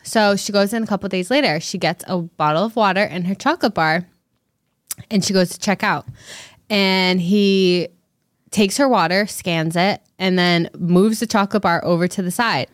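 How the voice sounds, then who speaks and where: A young woman co-hosts a podcast, chatting casually and telling stories in which she acts out the people she quotes. Her mid-range voice moves at a normal speed, and the recording is dry, with clean studio sound.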